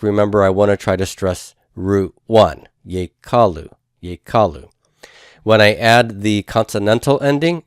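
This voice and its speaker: A man teaching a grammar lecture, speaking slowly and carefully, repeating each form twice and trailing off at the ends of phrases. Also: on the low side, no room sound, studio quality. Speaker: Biblical Hebrew teacher.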